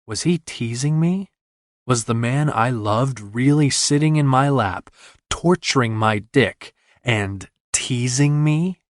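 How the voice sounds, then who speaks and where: A man's voice: medium pitch, animated, slow, dry recording, clean studio sound. A man reading a romance novel aloud in first person, intimate and earnest. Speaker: audiobook narrator.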